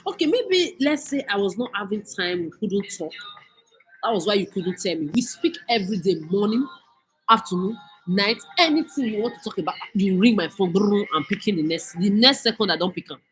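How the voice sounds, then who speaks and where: A woman's voice: mid-range voice, expressive, fairly quick, poor audio. A woman with a Nigerian accent delivering an angry rant monologue, cursing and scolding as she mixes in Pidgin. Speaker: vlogger.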